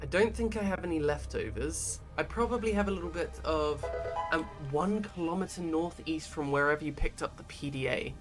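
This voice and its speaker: A man's voice: a little high, brisk. A man giving rambling, casual commentary while streaming a game and reading out chat messages. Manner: chatty, rambling, reads chat aloud. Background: game music.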